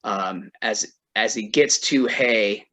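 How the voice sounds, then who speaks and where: A man's voice: fairly low pitch, slow, a bit bright. A man playing a tabletop game, hesitant and thinking aloud about the rules. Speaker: player. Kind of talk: casual tabletop play.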